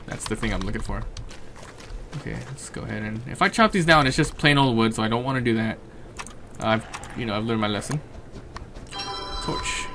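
A man doing let's play commentary, excitable and swearing at enemies, then thinking aloud about his plans. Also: lowish voice, fairly quick, pauses often, slight background noise. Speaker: gaming commentator.

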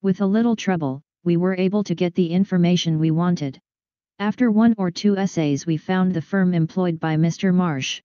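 Woman audiobook narrator, lowish mellow voice, measured delivery, dull dry lo-fi sound. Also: no echo. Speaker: audiobook reader. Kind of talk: scripted narration of a detective story.

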